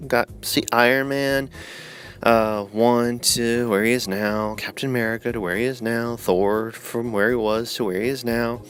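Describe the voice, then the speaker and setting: A man giving a sarcastic, swearing rant about a movie trailer, his voice jumping high and loud when he gets worked up. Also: fairly even intonation, moderate pace. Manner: voice jumps high and loud in outbursts. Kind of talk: casual rant to camera.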